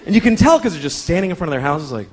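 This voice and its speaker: A middle-aged man doing stand-up comedy, profane and exasperated, jumping into quick acted-out characters. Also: a little high, sing-song. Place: comedy club stage. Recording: live club set with audience laughter and noise. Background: audience laughter and room noise.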